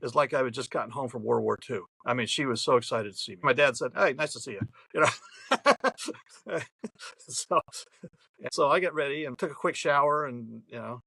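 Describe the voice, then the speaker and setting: Podcast guest, man in his 70s from New York State, gravelly voice, rambling anecdotal storyteller, dry close recording. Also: medium pitch, brisk, pushed and bright, no echo, rough recording. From New York State, USA. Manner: chatty, rambling, frequent restarts.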